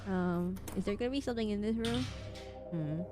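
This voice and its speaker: A woman's voice: mid-range voice, fairly quick. A woman giving casual let's-play commentary on a horror game, reading game text aloud with wry asides. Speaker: gamer playing a horror game. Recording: faint game music behind.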